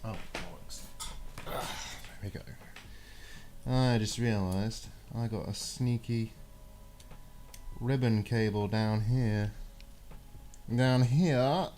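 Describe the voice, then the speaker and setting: A man's voice: on the low side, steady tone, slow, pauses often, mellow, a little hiss or hum. Chatty British man muttering while working. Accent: regional British. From United Kingdom. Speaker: streamer doing console repairs. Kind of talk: casual live-stream chat.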